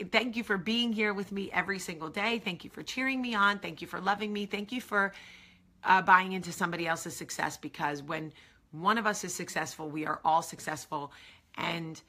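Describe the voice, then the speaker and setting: Middle-aged woman vlog host, excitable rambling storyteller; bright, raspy tone. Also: medium pitch. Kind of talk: casual chat to camera.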